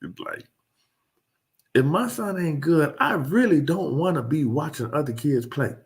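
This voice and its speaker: Animated joking man with a gravelly voice. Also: a little high, unhurried. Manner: animated, joking, laughs often. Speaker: host. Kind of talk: casual talk to an online audience.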